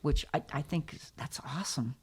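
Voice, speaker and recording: A woman's voice: low-pitched, normal speed, breathy edge. A middle-aged American woman, an author interviewed in casual chat, telling stories with effusive exclamations. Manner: effusive, warm storyteller with exclamations. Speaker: author guest.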